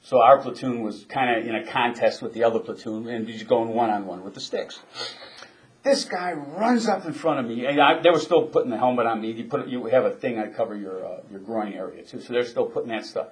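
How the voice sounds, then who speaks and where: In a relaxed interview, an older man who served as a Marine recounts a story with frequent chuckles, halting pauses and restarts, speaking in a mid-range voice.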